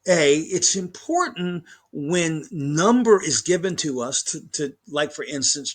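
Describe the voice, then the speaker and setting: A man's voice: fairly high pitch, big pitch swings, measured pace, few pauses. A man lecturing on grammar as a professor, emphatic, often repeating words and restarting his sentences. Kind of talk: recorded lecture.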